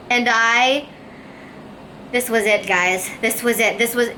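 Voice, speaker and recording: A woman's voice: mid-range voice, slight background noise. A young woman vlogger telling a story to camera in a casual, emphatic way, often acting out what she thought and said. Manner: emphatic, animated retelling with quoted asides. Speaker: fitness vlogger.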